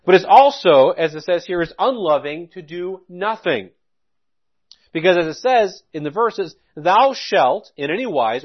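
A man preaching a sermon, reading scripture slowly and then explaining it in a conversational teaching tone. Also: on the high side, muffled recording.

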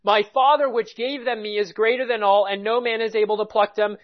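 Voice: medium pitch, fairly even intonation, a little fast. A preacher giving an expository Bible sermon, reading scripture aloud and driving home each point by repeating it with emphasis. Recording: dull lo-fi recording.

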